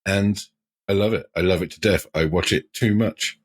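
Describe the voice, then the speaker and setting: A man's voice: low-pitched, normal speed, slightly rough. A man from the UK co-hosting a casual podcast chat, emphatic and swearing casually. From United Kingdom. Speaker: podcast co-host.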